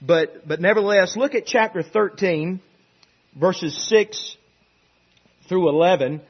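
A man's voice: sits high, takes it slowly, husky, dull audio. A man pastor preaching a sermon in a conversational way that rises to emphatic peaks.

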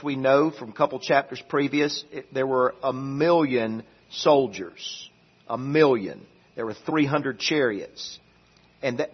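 A man preaching a sermon as pastor of a church, reading scripture slowly and emphatically. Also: medium pitch, husky, dull audio.

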